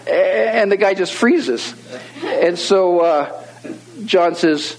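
Husky-voiced man telling a sermon story. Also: high voice, drawn-out words, low-quality recording. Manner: conversational, with many fillers and restarts. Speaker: preacher.

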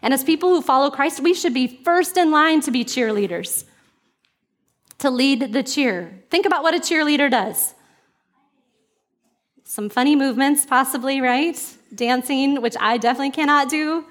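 A woman pastor delivering a sermon in an animated, conversational way. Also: high voice, moderate pace.

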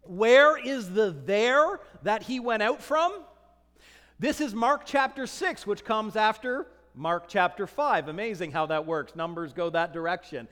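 A man preaching a sermon, animated and acting out the voices of people in scripture passages. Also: sits high, unhurried, long reverb tail. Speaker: pastor.

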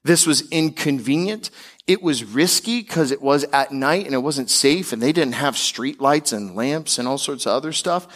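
A male pastor preaching a sermon, emphatic, with casual, conversational asides between declarations he slows down and lifts. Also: lively intonation, a bit bright. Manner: slows and climbs in pitch on key declarations.

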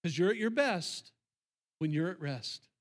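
High-voiced man preaching emphatically. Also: lively intonation. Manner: emphatic, repetitive preaching with pauses. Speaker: pastor. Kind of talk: sermon. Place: church sanctuary.

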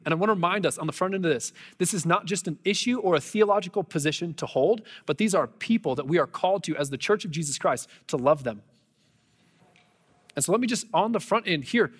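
A man's voice: fairly high pitch, long reverb tail. A man preaching a sermon to a congregation, earnest and conversational, with storytelling asides. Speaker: pastor. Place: church sanctuary before a congregation.

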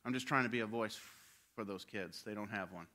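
A man preaching with real passion, his voice bright and forceful. He pushes hard on his points, then drops to a near-hush. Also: on the low side, a little fast. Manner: passionate, swings between loud urging and hushed quiet. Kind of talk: sermon.

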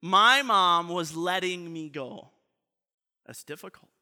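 A man preaching a sermon in an earnest way, often letting his voice drop soft at the ends of points. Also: sits high, slow. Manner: earnest, often trailing off softly. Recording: long reverb of a large hall.

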